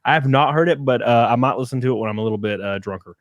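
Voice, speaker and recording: A man's voice: medium pitch, very fast, dry recording, lo-fi sound. Rambling young man hosting a stream. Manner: rambling, many fillers and restarts, swears freely. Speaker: streamer host reading chat. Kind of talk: casual livestream chat.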